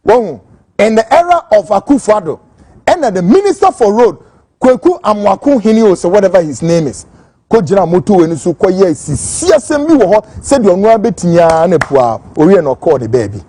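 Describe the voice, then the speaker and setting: A Ghanaian man delivering fiery political commentary as a host. His voice sits high and swings widely as he rants. The tone is mellow but husky, recorded close and dry. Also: very animated, fairly quick, dry recording. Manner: fiery, emphatic ranting; switches between Twi and English.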